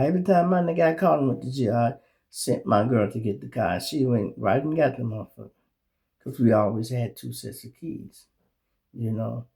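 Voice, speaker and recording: Gravelly Chicago man telling street stories. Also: mid-range voice. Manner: animated, streetwise storytelling with profanity. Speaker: show host. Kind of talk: casual storytelling monologue.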